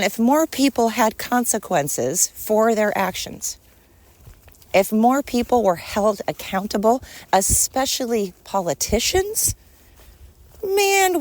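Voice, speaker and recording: A middle-aged woman talks on her own podcast in a loose, rambling monologue, her voice sitting a touch low. She is opinionated and chatty and drifts from point to point, slipping into quick little voices for the people she describes. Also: darkish tone. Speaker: podcast host.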